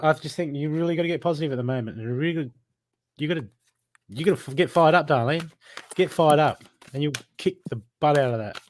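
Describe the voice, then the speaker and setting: A man's voice: medium pitch, darkish tone, no room sound. An Australian man giving a live card reading, urging the listener with repeated "okay?" and "darling". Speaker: psychic reader.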